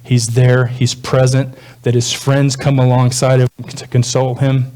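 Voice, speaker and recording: A man's voice: medium pitch, monotone, normal speed, a little mellow. A male pastor delivering a sermon in a conversational, folksy preaching manner.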